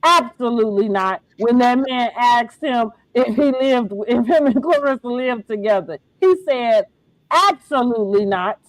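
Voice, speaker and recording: A middle-aged woman hosting a casual podcast chat, animated and slangy, laughing often. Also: on the high side, measured pace, few pauses, no room sound, low-quality recording. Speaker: podcast host. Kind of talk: casual reality-TV recap chat.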